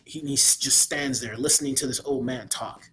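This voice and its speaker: A man's voice: mid-range voice, fairly even intonation, moderate pace, bright, forceful tone. A man giving a casual, rambling spoiler review of a movie, blunt and opinionated, often tacking "man" onto his sentences.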